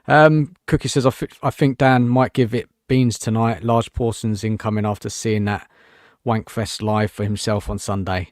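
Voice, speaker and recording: A man's voice: lowish voice, fairly even intonation, normal speed, dry recording, studio quality. A man hosting a casual football fan live show, chatty and greeting viewers, saying "mate" often. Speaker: host.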